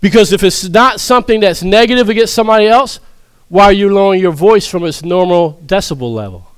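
A man's voice: high voice, lively intonation, quick pace, clear, resonant tone, no room sound. A man preaching a sermon in a humorous, conversational way, often laughing.

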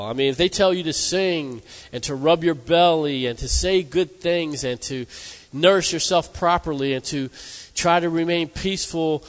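A man preaching a sermon in a slightly raised voice, pressing his points hard and checking in with the congregation. His voice carries a long reverb, as in a large hall. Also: on the high side. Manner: emphatic, asks the congregation "amen?".

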